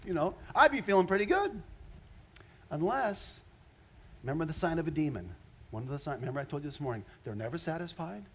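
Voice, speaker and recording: A man preaching a sermon as a pastor, animated, swinging between loud exclamations and hushed asides. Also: fairly high pitch, fairly quick, long pauses, husky, lo-fi sound.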